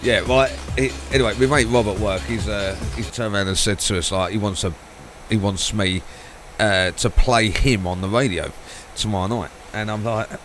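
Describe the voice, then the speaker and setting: A man's voice: on the low side, steady tone, moderate pace, a bit bright, soft background music, rough recording. A man live-streaming a flight simulator, chatting casually, rambling, swearing and laughing a lot.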